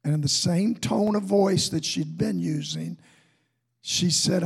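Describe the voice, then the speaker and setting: Slow, gravelly preaching man in a hall. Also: sits high, fairly even intonation. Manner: folksy, builds to fervent preaching. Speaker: pastor. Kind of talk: sermon with storytelling. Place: church sanctuary.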